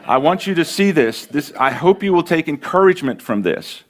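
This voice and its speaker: A man preaching a sermon as pastor, earnest and emphatic, slowing down and pausing for dramatic weight. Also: a little high, animated.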